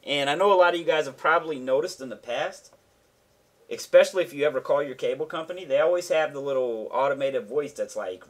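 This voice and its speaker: A man talks through gaming gear in a casual, rambling vlog, circling back and restarting his sentences as he goes. His pitch sits in an ordinary middle range, and his delivery stays loose and offhand, with a slangy edge. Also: lively intonation, quick pace, a bit bright. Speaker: gaming channel host. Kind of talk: casual tech vlog explanation.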